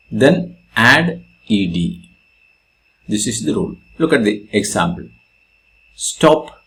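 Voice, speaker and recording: A man with an Indian English accent teaching a grammar lesson, slowly repeating examples and stressing syllables. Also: medium pitch. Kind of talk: grammar lesson explaining spelling rules.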